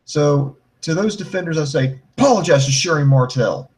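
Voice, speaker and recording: Animated, rambling man in his forties. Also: fairly high pitch, normal speed, poor audio. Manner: animated, profane, rambling, acts out mocking voices. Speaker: wrestling show co-host. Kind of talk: casual podcast chat.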